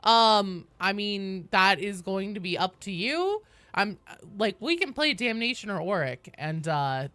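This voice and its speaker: A woman's voice: medium pitch, unhurried, few pauses, fairly bright tone. A young woman streaming a game, chatting casually and upbeat with viewers, swearing now and then and greeting people by name.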